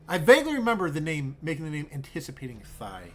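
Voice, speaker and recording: Quick and a bit bright, this man's voice sits on the high side and swings hugely in pitch. He rambles bemusedly while streaming a zoo-building game, peppering his casual gameplay commentary with plenty of swearing.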